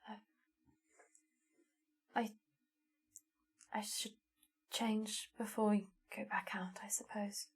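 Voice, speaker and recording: A woman's voice: mid-range voice, flat delivery, slow pace, long pauses, husky. A woman playing a tabletop game, talking hesitantly with restarts. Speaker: player. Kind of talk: tabletop role-play.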